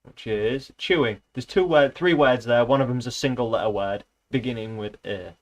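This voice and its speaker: A man's voice: medium pitch, normal speed. A man streaming himself reading a novel aloud, breaking off for sarcastic, sweary asides. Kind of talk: casual reading aloud with commentary.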